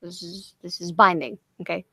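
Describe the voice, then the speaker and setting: A woman's voice: on the low side, level tone, moderate pace, sharp tone, husky, dry recording, clean studio sound. A woman hosting a late-night livestream, tired and loopy, swearing freely, laughing often and rambling in casual chat. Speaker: livestream host.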